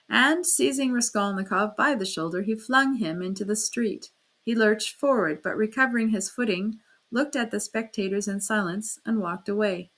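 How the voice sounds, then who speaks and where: A woman narrating a classic novel as an audiobook reader, in a steady storytelling manner. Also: moderate pace. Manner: steady storytelling, raises pitch and volume for quoted speech. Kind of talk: scripted narration.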